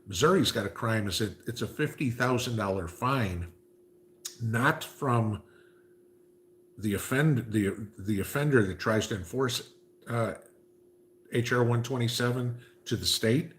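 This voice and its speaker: A man's voice: mid-range voice, unhurried, fairly bright tone. A man hosting a casual livestream, reading viewer comments and chatting, with frequent "okay?" asides. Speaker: livestream host reading chat.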